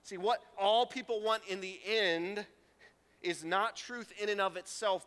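A middle-aged man preaching a sermon as pastor, animated, acting out quotes and laughing often. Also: high-pitched, unhurried, smooth. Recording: reverberant hall.

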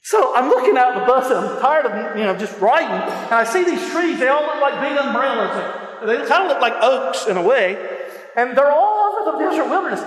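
High-voiced preacher shouting in a hall. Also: male voice, big pitch swings, moderate pace. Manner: impassioned, often shouting, laughs between stories. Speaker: pastor. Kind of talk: preaching a sermon. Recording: echoey hall with long reverb.

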